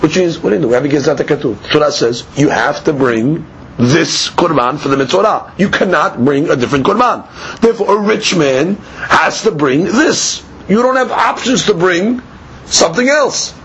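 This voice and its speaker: A man's voice: on the high side, expressive, normal speed, a bit bright, highs cut off, a little hiss or hum. A man giving a daily Talmud lecture, explaining each step by asking and answering his own questions. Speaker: Talmud teacher.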